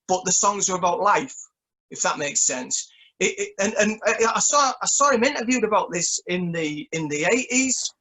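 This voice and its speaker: Songwriter guy, kinda high bright voice, keeps tripping over his words, chatty. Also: low-quality recording. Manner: stammering, repeats words often. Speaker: songwriter guest. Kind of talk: casual interview chat.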